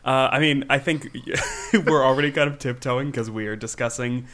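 A man's voice: mid-range voice, fairly bright tone. A man hosting a comedy podcast about kids' movies, joking with dry asides. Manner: wry, joking, quick asides. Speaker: podcast host.

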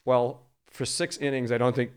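A man's voice: mid-range voice, smooth. A middle-aged man from the Boston area, a sportscaster guest, telling rambling anecdotes full of ums in a casual interview.

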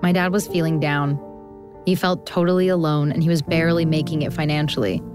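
Low-voiced woman narrating calmly. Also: fairly quick, music in the background. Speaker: narrator, speaker's daughter. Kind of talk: scripted narration.

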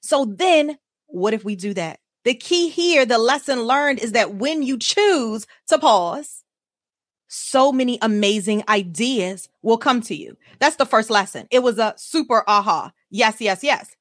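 A woman hosting a live motivational show, talking to her audience in an energetic, emphatic way and hyping them up. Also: on the high side, unhurried, dry recording, clean studio sound. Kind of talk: motivational live-stream talk.

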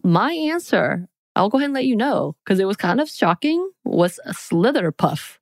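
A woman's voice: mid-range voice, very animated, darkish tone, no room sound. Playful woman reading a quiz. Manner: playful, joking, reads options in quick lists. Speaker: podcast co-host. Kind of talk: casual chat, reading quiz questions.

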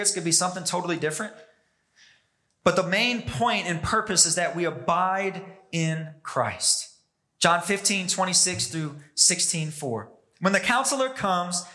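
A man preaching a sermon as pastor, emphatic, pushing his pitch and pace up and down for emphasis. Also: bright, forceful tone.

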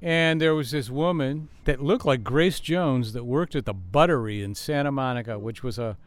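A man's voice: medium pitch, normal speed. An older man, a guest musician, telling long rambling stories in an interview outdoors in a backyard, full of fillers and restarts. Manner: rambling, animated storyteller with many fillers. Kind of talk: storytelling interview answers.

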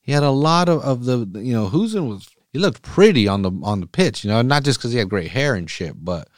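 A man's voice: mid-range voice, big pitch swings, brisk, dry recording, clean studio sound. A man hosting a soccer podcast in casual, profane, rambling talk that wanders off on tangents. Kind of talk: casual chat.

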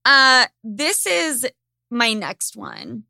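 Sarcastic, bright-voiced woman ranting. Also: a little high, drawn-out words, creaky, no room sound, studio quality. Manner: animated, sarcastic, swears freely. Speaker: podcast host. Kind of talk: casual chat.

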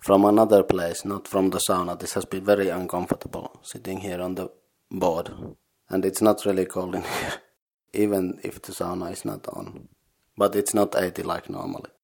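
Lower-voiced man teaching words. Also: gravelly, darkish tone. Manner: slow, careful syllable-by-syllable pronunciation. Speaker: podcast host teaching Finnish words. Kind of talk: casual language lesson. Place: unheated sauna.

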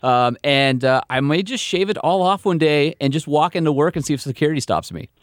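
A man's voice: a little high, expressive, brisk, no room sound. Upbeat young man, dry close sound. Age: young adult. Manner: enthusiastic, laughs often. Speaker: podcast co-host. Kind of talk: casual podcast chat.

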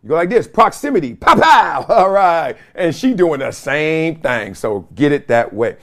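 Animated high-voiced man telling stories. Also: unhurried. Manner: animated storytelling with laughs and mimicked voices. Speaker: host. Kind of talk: comedic solo talk show monologue.

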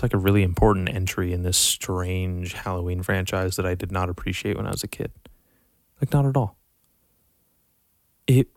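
Low-voiced, profane man ranting casually. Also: no echo, studio quality. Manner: profane, animated, rambling with frequent sighs. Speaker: vlogger reviewing horror movies. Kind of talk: casual rant to camera.

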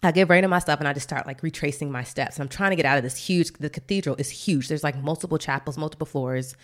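A woman in her thirties, co-hosting a podcast, telling a faith story in animated, casual chat. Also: deep voice, fast. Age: 30s. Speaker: podcast co-host.

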